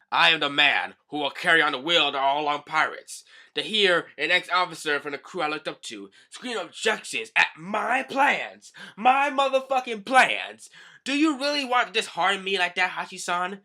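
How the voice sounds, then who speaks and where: Pirate villain, a man doing the voice, boastful and theatrical, piercing bright tone. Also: fairly high pitch, expressive, normal speed, pitched above the performer's own voice, exaggerated voice.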